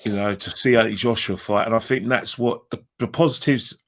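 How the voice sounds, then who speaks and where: A man with a low, gravelly voice co-hosts a boxing talk show. He talks emphatically, circling back on his points with restarts. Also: steady tone, a little fast. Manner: emphatic, repeats himself. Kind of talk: casual opinionated chat.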